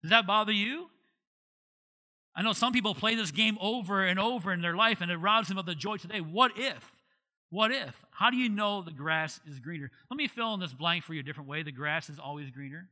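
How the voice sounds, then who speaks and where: A middle-aged man from Ohio preaching a sermon as pastor, lively, asking questions and laughing at himself. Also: sits high, brisk. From Ohio, USA.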